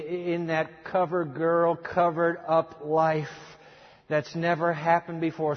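Male preacher, dramatic storyteller, hushed to emphatic; muffled recording with long hall reverb. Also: on the high side. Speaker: pastor. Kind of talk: sermon.

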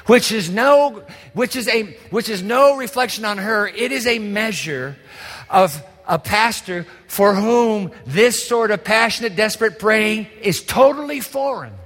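A man's voice: high-pitched, lively intonation, measured pace, a bit bright. A man preaching a sermon as pastor, pleading and asking the listeners questions. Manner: impassioned preaching with rhetorical questions. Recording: long reverb of a large hall.

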